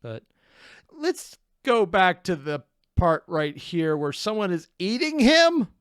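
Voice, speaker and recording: A person hosts a reaction video in a medium-pitched, slow, clear and resonant voice, captured dry at studio quality. They chat casually and excitably, laughing a lot and cutting themselves off mid-thought.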